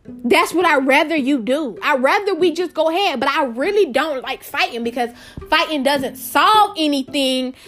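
Give me a high-voiced young woman host talking to her listeners in a chatty, emphatic way. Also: expressive, normal speed, fairly bright tone, soft background music. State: out of breath. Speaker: podcast host. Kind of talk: casual solo podcast monologue.

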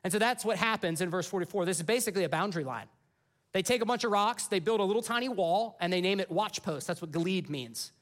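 A man preaching a sermon, retelling scripture in an animated, casual storytelling manner. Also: high-pitched, fast talker. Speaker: pastor.

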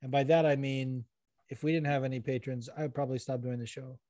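A man's voice: mid-range voice, flat delivery, quick pace, mellow, no room sound. Rambling young man hosting a podcast. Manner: rambling, self-deprecating, swears and laughs. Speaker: podcast host. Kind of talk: casual chat.

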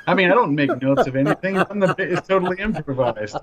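A young man co-hosting a casual, improvised podcast over a video call, animated and jokey. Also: fairly high pitch, quick pace, a crowd in the background. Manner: animated, jokey, puts on silly voices. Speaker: podcast co-host.

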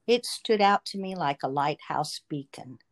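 A woman's voice: sits low, lively intonation, a little slow. A woman telling a personal faith testimony in an earnest, emotional storytelling manner. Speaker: testimony speaker.

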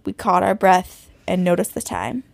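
Gravelly-voiced woman reading a scary story. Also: lowish voice, steady tone, moderate pace, no room sound. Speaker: podcast co-host. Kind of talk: reading a listener's story aloud.

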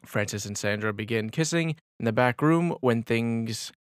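Young man, podcast co-host, medium pitch, close dry mic, sarcastic, loose reading aloud. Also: normal speed, clean tone, dry recording. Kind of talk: casual podcast chat. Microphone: studio mic.

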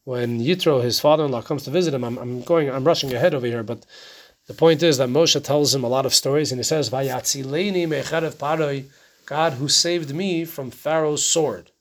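A man's voice: mid-range voice, a little fast. A man teaching a casual Torah class, talking conversationally, often asking rhetorical questions and checking in with "right?".

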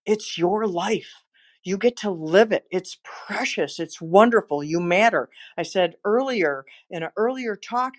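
A woman, a motivational speaker and podcast host, giving an encouraging inspirational talk and telling stories. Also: medium pitch. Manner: warm encouraging storytelling.

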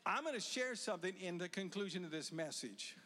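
Middle-aged male pastor with a high voice, preaching emphatically in a big sanctuary. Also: animated, fairly quick. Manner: emphatic preaching, building to loud exhortation. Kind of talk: sermon. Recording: long church hall reverb.

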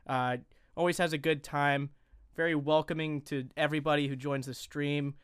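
A man's voice: on the high side, fairly even intonation, smooth, no room sound, studio quality. A young man hosting a casual podcast, chatty and teasing as he introduces guests. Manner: joking, chatty, quick to tease. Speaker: podcast host.

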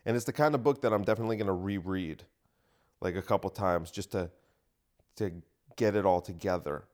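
A man's voice: low voice, brisk, darkish tone. A man hosting his own podcast, ranting bluntly and with profanity in a casual solo monologue recorded in a home gym room. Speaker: comedian podcast host.

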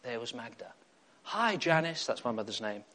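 A man preaching a sermon, emphatic and repetitive, building up to excitement. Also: mid-range voice, normal speed. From South Africa.

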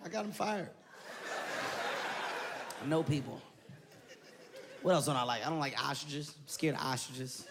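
A man doing stand-up comedy, telling an animated story and acting out voices, laughing as he goes. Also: on the high side. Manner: excitable, animated, breaks into laughter, acts out voices. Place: large venue with live audience. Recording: live show with loud crowd noise.

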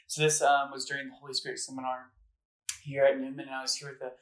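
This campus minister's medium-pitched voice is completely flat, quick, and fairly bright, captured in low-quality audio. Before a live student audience in a campus center gathering room, he shares personal stories in a conversational, earnest faith talk peppered with "like" and "um."

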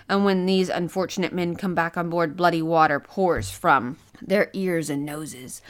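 A woman reading the part of a calm, non-committal male sea captain in a measured, matter-of-fact way. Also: deep voice, natural voice.

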